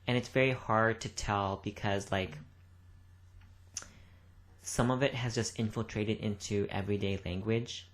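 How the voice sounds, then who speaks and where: A woman's voice: a bass voice, fairly even intonation, unhurried, long pauses. Rambling young woman podcast co-host. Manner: chatty, rambling, swears. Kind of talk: casual chat.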